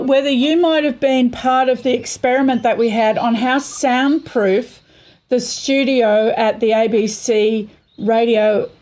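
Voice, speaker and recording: A woman's voice: fairly high pitch, a little mellow. A woman hosting a casual chat, telling rambling stories. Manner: chatty, rambling storytelling. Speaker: host.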